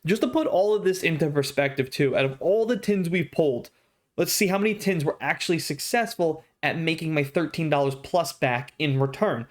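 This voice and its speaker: A man with a fairly high voice talks through his card pulls with plenty of enthusiasm. He leans hard on the numbers, casual and salesy, like a host recapping an unboxing for his viewers. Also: a little fast. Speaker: card-opening channel host.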